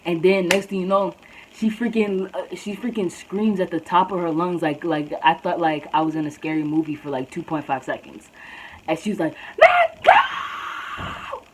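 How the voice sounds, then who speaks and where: A woman's voice: fairly low pitch, steady tone, normal speed, noisy background. A young woman vlogger telling a story in a casual, slangy way, often saying "bro.". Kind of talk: storytime vlog.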